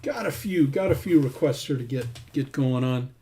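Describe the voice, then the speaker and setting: A man's voice: medium pitch, normal speed. A man hosting a casual livestream, chatting and reading out viewers' names as he scrolls through comments. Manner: warm, rambling, reads names aloud while scrolling comments. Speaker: singer-songwriter hosting a livestream.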